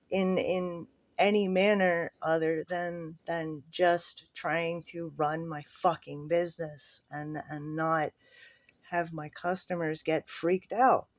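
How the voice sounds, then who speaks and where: A flea market seller tells a story in a candid, rambling monologue, swearing and letting out nervous laughs. His voice is a little high, and the recording is clean studio sound without echo.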